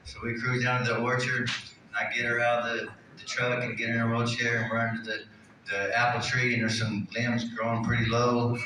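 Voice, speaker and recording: Rambling comedian in echoey club. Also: male voice, medium pitch, level tone, a little fast, noisy background. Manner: loose, rambling storytelling. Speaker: stand-up comedian. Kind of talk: stand-up comedy. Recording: echoey club room, distant mic, crowd ambience.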